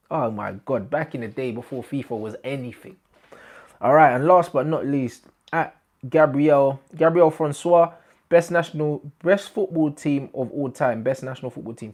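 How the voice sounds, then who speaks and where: Young male host, casual football banter, excitable and slangy. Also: mid-range voice. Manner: animated slang-heavy banter, bursts of excitement. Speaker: YouTube host. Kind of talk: casual football chat to camera.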